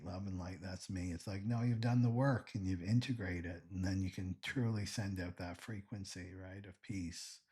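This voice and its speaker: A man's voice: sits low, a little mellow, husky. A man astrologer giving a reassuring spiritual teaching monologue, often tagging his sentences with "right?". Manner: reassuring, keeps adding "right?".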